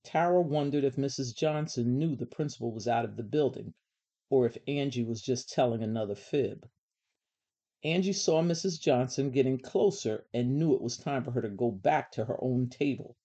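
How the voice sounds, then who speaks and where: Woman narrator for kids' audiobook; gentle, measured, warm dark timbre. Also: extremely low pitch. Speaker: storybook reader. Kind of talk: children's story reading.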